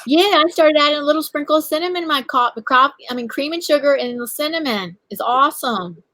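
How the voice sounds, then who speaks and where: A woman's voice: high-pitched, fast, bright, forceful tone, no room sound, low-quality recording. A woman hosting a casual live chat stream, greeting viewers by name as she talks. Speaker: livestream host.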